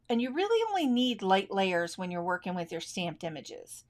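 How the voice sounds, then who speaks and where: A middle-aged woman teaching colored pencil technique on a live stream, talking in a relaxed, chatty way and thinking aloud as she works. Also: mid-range voice, normal speed, hardly any pauses. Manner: left-handed. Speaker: art instructor.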